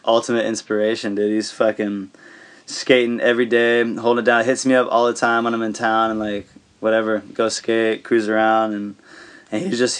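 A man tells stories as a podcast guest in a loose, profane, laid-back way. He leans on fillers and laughs often as he goes. He sounds relaxed and chatty. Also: on the low side. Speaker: guest, pro skateboarder. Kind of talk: casual storytelling.

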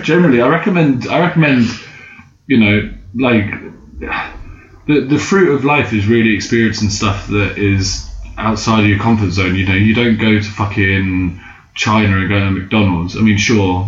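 A man's voice: lowish voice, normal speed, a little hiss or hum. A young man casually telling a long, sweary anecdote as a guest in a chat. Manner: rambling, swearing anecdotal storyteller. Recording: roomy, slightly dull sound.

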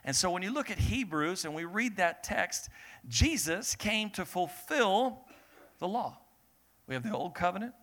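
Energetic bright-voiced male preacher. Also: high voice. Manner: energetic, builds to emphatic peaks, calls on the congregation to respond. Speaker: pastor. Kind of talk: sermon reading scripture with commentary. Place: church service with congregation.

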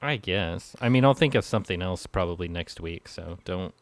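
A man's voice: deep voice, lively intonation, moderate pace, no echo. A man co-hosting a podcast in casual chat, wry and jokey, laughing often. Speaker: podcast co-host.

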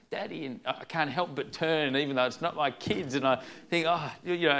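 A man's voice: mid-range voice, smooth. Middle-aged male pastor, earnest and chatty sermon delivery, clean resonant tone. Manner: earnest, conversational preaching with humor.

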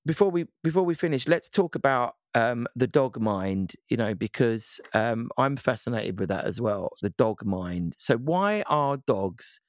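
Male podcast co-host, rambling jokey delivery, mid pitch, dry close mic. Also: lively intonation, measured pace, hardly any pauses, no echo. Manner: rambling, joking, restarts a lot. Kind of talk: casual podcast chat. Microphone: podcast microphone.

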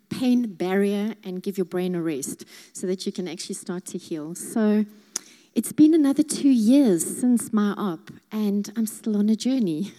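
Deep-toned woman, earnest testimony. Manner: earnest and heartfelt, with soft hushed emphases. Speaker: speaker sharing her testimony. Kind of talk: personal faith testimony.

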